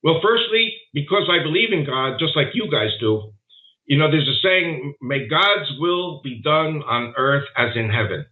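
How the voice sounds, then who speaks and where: A man's voice: a little high, animated, unhurried. A man being interviewed remotely, talking emphatically and wandering from point to point as he makes his case. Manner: emphatic, digressive storytelling. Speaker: guest commentator. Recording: tinny phone-like line.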